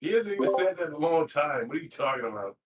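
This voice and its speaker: A man's voice: on the high side, fast talker. A man streaming a game and chatting casually with friends, teasing and swearing a lot. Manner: profane, teasing, animated. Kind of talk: casual gaming chat with friends.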